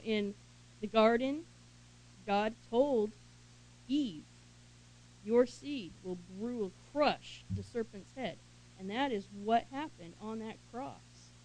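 A woman leading a Bible study, reading scripture with emphasis and commenting in a relaxed, conversational way with small laughs. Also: fairly high pitch, a little hiss or hum, rough recording. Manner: reads scripture aloud emphatically, then comments in casual asides with small laughs.

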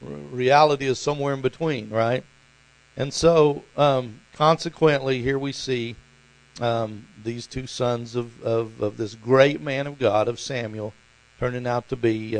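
A man's voice: medium pitch, rough recording. A middle-aged man preaching a sermon, telling stories in a folksy way with chuckles and fillers. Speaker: pastor.

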